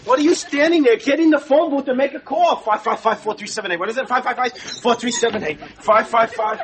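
A man's voice: very high-pitched, fairly quick. An actor playing a frantic young husband whose wife is in labor, stammering and tripping over his words. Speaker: expectant husband. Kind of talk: sitcom acting. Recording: studio audience laughter, noisy broadcast. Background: audience laughing.

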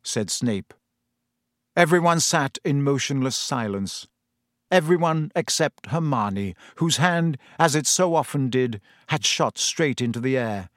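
A man reading a story aloud in measured, scripted narration. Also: mid-range voice, no room sound, clean studio sound. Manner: measured storytelling, lively intonation. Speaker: audiobook narrator.

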